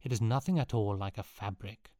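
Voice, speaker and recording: A man voicing a kind but bossy girl who takes charge, firm yet gentle. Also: fairly low pitch, brisk, no echo, clean studio sound, close to an everyday voice.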